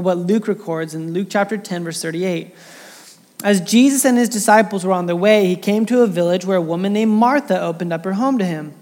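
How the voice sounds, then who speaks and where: A man preaching, reading scripture aloud with dramatic voices for the quotes and then commenting in a casual way. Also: high voice. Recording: long reverb of a hall.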